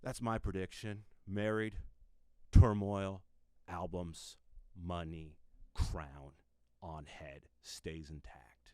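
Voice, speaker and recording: A man hosting a comedy podcast, giving a mock-serious monologue with dramatic pauses and muttered asides. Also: deep voice, fairly even intonation, a little mellow, no echo. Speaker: comedian host.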